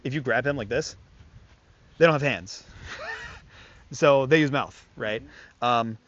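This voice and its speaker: A man's voice: mid-range voice, measured pace, fairly bright tone, dull audio, a little hiss or hum. Chatty man teaching dog training. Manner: chatty, filler-heavy, talks to the dog in bursts of praise and commands. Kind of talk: casual hands-on lesson.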